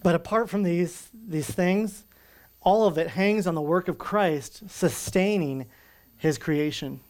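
A man delivers an earnest sermon, leaning hard on key words with slow, deliberate pauses. His voice sits a little high for a man. He sounds middle-aged and is audibly moved as he preaches. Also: darkish tone. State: moved to tears at times. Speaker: pastor.

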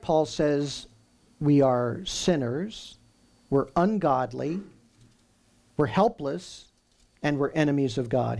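A man preaching a sermon in a gravelly, slightly high voice. He stresses his lists slowly and leans on rhetorical questions. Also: a little mellow.

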